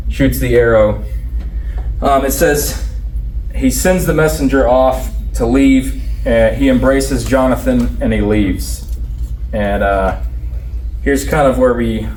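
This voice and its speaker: A man's voice: medium pitch, a little mellow, a little hiss or hum. A man pastor teaching a Bible study in a loose, conversational way with everyday slang. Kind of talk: casual Bible lesson. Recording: roomy, distant mic, faint ambience.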